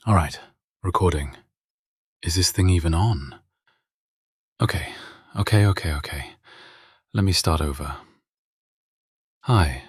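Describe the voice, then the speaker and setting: A nervous man fumbles through recording a message, voiced by an AI. His voice is deep and very husky, and his hesitant words come slowly. The sound is close and dry. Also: darkish tone, no echo, full character voice.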